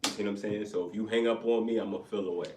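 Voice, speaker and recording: A young man telling a story in a casual podcast chat, animated and profane, acting out both sides of an argument. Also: on the low side, quick pace, far from the mic. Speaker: podcast co-host. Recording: echoey room, off-mic.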